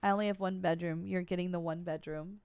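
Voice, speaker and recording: A woman's voice: fairly low pitch, fairly even intonation, quick pace, a little mellow, clean tone. A woman streamer giving playful, chatty commentary while playing a video game. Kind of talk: casual gameplay commentary.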